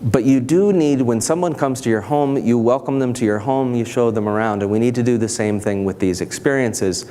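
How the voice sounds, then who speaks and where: A man giving a conference talk in a thoughtful, measured way, now and then acting out bits of dialogue. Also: mid-range voice, dark tone, a little hiss or hum. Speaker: conference speaker. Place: conference hall stage.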